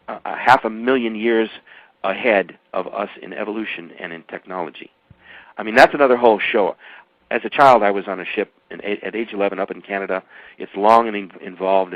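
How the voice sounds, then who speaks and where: An older man holding forth as a radio guest, emphatic and rambling, his voice leaping up in pitch and then dropping low. The sound is dry and close, with a dull, muffled top end, like an old radio broadcast. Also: no echo. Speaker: author and guest. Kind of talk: radio interview.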